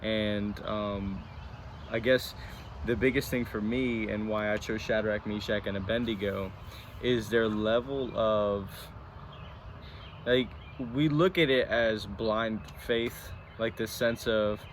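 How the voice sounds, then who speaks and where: A man's voice: lowish voice, fairly even intonation, slow pace. A man co-hosting a casual Bible discussion outdoors, rambling and self-deprecating with frequent restarts. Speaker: church channel co-host. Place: outdoors near a road. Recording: faint traffic noise outdoors.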